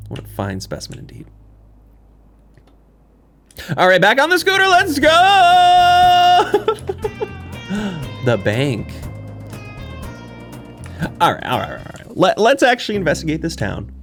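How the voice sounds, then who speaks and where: A gaming YouTuber playing through a cozy game and chatting along in a playful, giggly way. The voice swings hugely in pitch, from squeals to mutters. Light game music plays faintly behind. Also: wildly swooping pitch, unhurried, creaky, long pauses, fairly bright tone. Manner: playful and giggly, cooing at critters. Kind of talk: let's play commentary.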